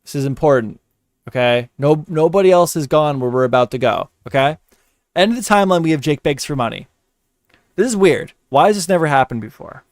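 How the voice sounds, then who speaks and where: A man's voice: a little high, animated, fairly quick, dry recording, clean studio sound. Frustrated man muttering and cursing. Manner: repeats words under his breath. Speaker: commentary streamer. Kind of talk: live reaction commentary.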